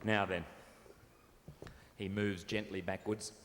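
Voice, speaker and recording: This Australian man has a low, slightly bright voice, speaks slowly, and keeps his delivery flat as he cheekily teases a live fair crowd. He's on a corded stage microphone. The recording is echoey, with band music and a little hiss or hum.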